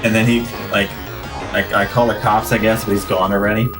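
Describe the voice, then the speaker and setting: A man's voice: on the low side, level tone, fairly quick, distant mic, over music. A man streaming a game and rambling through casual anecdotes full of fillers and restarts. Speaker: gaming streamer. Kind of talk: casual storytelling while playing.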